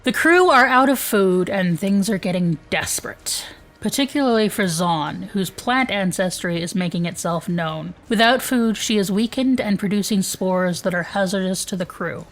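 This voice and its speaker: A woman's voice: mid-range voice, normal speed, faint music behind. A woman co-hosting a podcast, chatting casually, laughing often and reading an episode summary. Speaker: podcast co-host.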